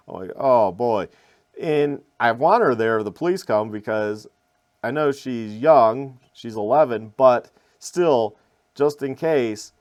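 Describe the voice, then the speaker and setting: A man's voice: medium pitch, a little mellow. A man in a casual, rambling vlog retelling a road crash. He repeats words, restarts sentences and adds wry asides. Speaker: vlogger recounting a crash. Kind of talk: casual storytelling to camera.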